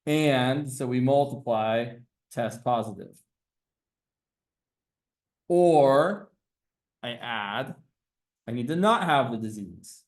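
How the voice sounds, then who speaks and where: A man's voice: mid-range voice, lively intonation, takes it slowly, long pauses. A man teaching a classroom lecture on probability, explaining step by step, asking the class questions and correcting himself as he goes.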